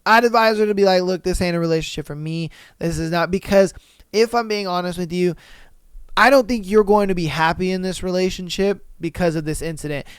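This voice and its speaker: A young man with a high, smooth, clear voice hosts a solo podcast. He reacts in loose, slangy, profane talk and circles back to repeat his points with emphasis. The sound is dry and close, with no room around it. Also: dry recording. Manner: blunt, slangy and profane, often repeats himself; worked up and emphatic when ranting. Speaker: podcast host. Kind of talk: casual reaction commentary on reader stories.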